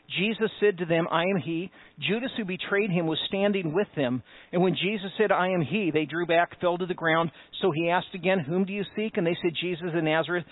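A man's voice: high-pitched, dry recording. A man preaching a sermon as pastor, emphatic and conversational, with asides to the congregation. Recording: tinny phone-like sound, dry.

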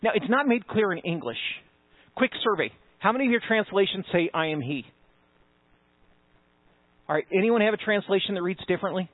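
Male pastor, sermon delivery, high voice, emphatic, thin phone-like audio. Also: expressive, a little fast, long pauses, dry recording. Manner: emphatic, rising with conviction, conversational asides. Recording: tinny phone-like sound, dry.

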